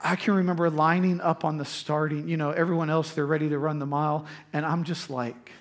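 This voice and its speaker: A man's voice: a little high, little pitch movement, fairly quick, hardly any pauses. A man preaching, telling a personal story in a conversational way before turning to scripture. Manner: conversational storytelling, frequent restarts. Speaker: pastor.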